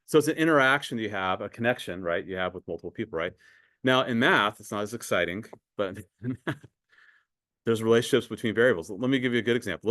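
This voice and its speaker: A man's voice: lowish voice, fairly bright tone, no room sound, studio quality. A man teaching a math class in a conversational way, asking students questions and often repeating words. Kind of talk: classroom lecture.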